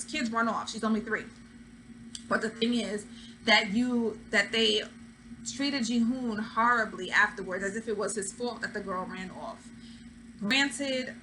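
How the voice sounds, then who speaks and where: A woman's voice: mid-range voice, sharp tone, a little hiss or hum, poor audio. A woman hosting a reality TV recap, talking in a casual, opinionated way and acting out what people said. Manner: chatty, opinionated, acts out quotes. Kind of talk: casual commentary.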